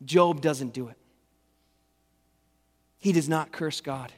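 A man preaching in a relaxed, storytelling way, tossing in little jokes as he goes. His voice is high for a man, and a long reverb hangs in the large hall. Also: a little slow, pauses often, breathy edge. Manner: casual, animated storytelling, joking asides. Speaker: pastor. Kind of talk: conversational sermon.

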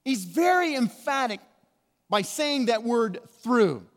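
High-voiced emphatic preacher in a reverberant hall. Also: male voice, sing-song. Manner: emphatic, with slow drawn-out stresses and wide swings in loudness. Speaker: pastor. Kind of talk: sermon.

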